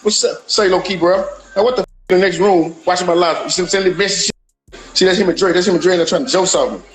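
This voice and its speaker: Brief: quick, high-pitched man, loose rambling banter over faint music. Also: low-quality recording. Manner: rambling, repeats "you hear me". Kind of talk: casual banter.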